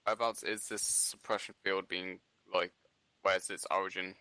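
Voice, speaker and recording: A man playing a tabletop game, speaking in a hesitant, halting way. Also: deep voice, level tone, sharp tone, smooth, dry recording, rough recording. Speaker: player. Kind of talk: casual tabletop game play.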